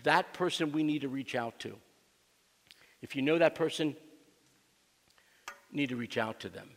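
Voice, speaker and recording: A man's voice: medium pitch, moderate pace, creaky, in a large hall. A man preaching a sermon as a pastor, mixing a joking personal story with emphatic, repeated lines for his church. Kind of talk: sermon with humorous anecdote. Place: church sanctuary.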